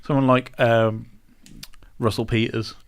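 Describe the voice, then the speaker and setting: A man's voice: medium pitch, little pitch movement, measured pace. A man co-hosting a podcast in casual panel chat, giving dry, opinionated takes. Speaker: podcast co-host.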